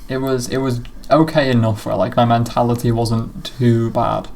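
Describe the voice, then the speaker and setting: A man's voice: mid-range voice, steady tone, moderate pace, vocal fry, a little mellow, slight background noise. A man commenting on his own video in a casual chat, rambling and swearing freely.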